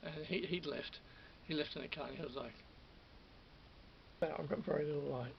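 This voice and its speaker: Here a vlogger with a somewhat high, creaky voice talks at ordinary speed, still wound up on adrenaline as he rambles through a story to camera. Lots of repetition, frequent restarts and quoted remarks from others fill the telling, recorded lo-fi with faint hiss through a camera or phone mic.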